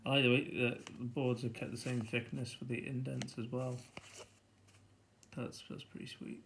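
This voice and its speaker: A British man hosting a board game unboxing, chatting casually and getting easily excited, laughing to himself. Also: medium pitch, moderate pace, vocal fry, a little hiss or hum.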